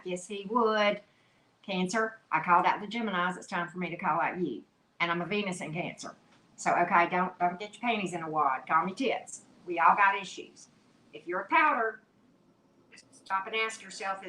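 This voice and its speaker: Woman tarot reader, chatty and blunt, teasing tone, bright forward voice, echoey room. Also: mid-range voice. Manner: chatty, blunt and teasing, calls listeners love and baby. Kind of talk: casual tarot reading for viewers.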